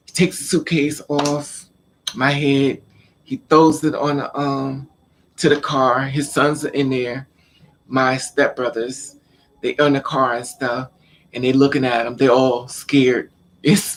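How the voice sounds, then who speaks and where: A man telling a personal story in a casual vlog, acting out scenes and repeating words for emphasis. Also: medium pitch. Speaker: vlogger.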